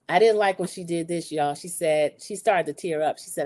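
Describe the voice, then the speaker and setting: A woman's voice: fairly low pitch, moderate pace, darkish tone. A woman hosting a casual recap, retelling scenes with quoted dialogue and blunt opinions. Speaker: show recap host.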